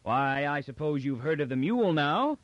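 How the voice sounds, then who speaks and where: Man doing a loud sneering brawny guard. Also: fairly high pitch, sing-song, normal speed, no room sound, voice pushed up. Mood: sarcastic. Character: blustering brawny male city guard, sarcastic. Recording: dull dry audiobook recording.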